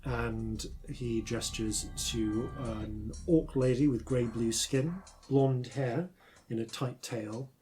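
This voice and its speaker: A man narrating as game master, halting and full of filler sounds as he describes the scene. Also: medium pitch, steady tone, a little mellow, faint music behind. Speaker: dungeon master.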